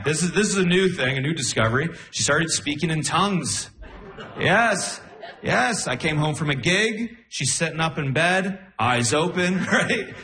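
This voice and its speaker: A young man doing a stand-up comedy set on a club stage, telling his story in an animated way and laughing through his lines. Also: a little high. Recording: roomy club sound with light noise.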